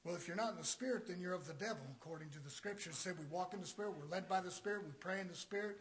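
A man preaching a sermon with fiery energy, swinging between shouted declarations and hushed, quiet asides, with folksy Southern phrasing. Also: high-pitched, rapid-fire.

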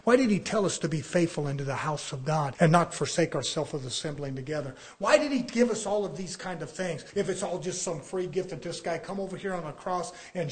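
A middle-aged man preaching an impassioned sermon, firing off rhetorical questions and breaking into sudden loud bursts. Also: on the high side. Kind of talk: fiery sermon.

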